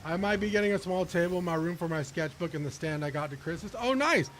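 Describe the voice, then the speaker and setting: An animated male gaming streamer with a high-pitched voice, talking in slangy, casual storytelling and laughing often. Faint background noise sits behind him. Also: fast. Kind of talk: casual storytelling while playing.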